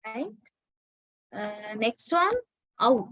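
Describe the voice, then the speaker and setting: A woman from Sri Lanka teaching English pronunciation in an online class, slow and patient, checking in with a rising "right?". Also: on the high side, expressive, no room sound, poor audio. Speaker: English lecturer.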